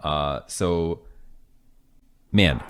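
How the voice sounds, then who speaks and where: A man's voice: low voice, very slow, fairly bright tone, clean tone. A young man from the Chicago area, co-hosting a casual chat show and ranting with restarts. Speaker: podcast co-host.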